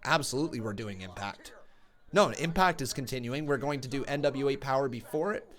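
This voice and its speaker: His sore tongue alters his speech a little as this man hosts a casual live reaction stream, talking with viewers and breaking into excited play-by-play shouts. He has a mid-range voice and a brisk pace.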